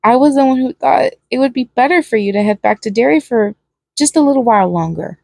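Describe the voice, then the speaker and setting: A woman reading as a scared young partner who pleads and stammers through tears in a storybook reading. The voice sits a bit high and sounds close and dry. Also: animated, brisk, gravelly, a little mellow, no room sound. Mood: anxious, pleading.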